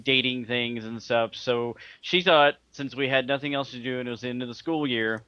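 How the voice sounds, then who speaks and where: Bright, crisp-voiced man on a dull mic. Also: medium pitch, steady tone, moderate pace, dry recording. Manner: questioning, tells stories. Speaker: podcast co-host. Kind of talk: casual gaming chat.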